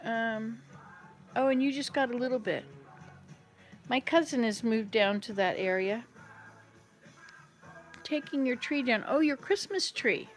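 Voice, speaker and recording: A chatty woman with a slightly high voice hosts a casual live stream from her kitchen. She rambles from topic to topic and answers viewers' comments as they come in. Faint music plays in the background. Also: measured pace, pauses often. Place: home kitchen.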